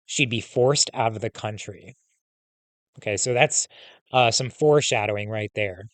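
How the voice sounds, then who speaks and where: A male teacher reads a memoir aloud in the first person, plain and steady, and now and then drops in a quick casual aside. His voice sits at a middle pitch. The sound is dry and close. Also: dry recording. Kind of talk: reading a book aloud.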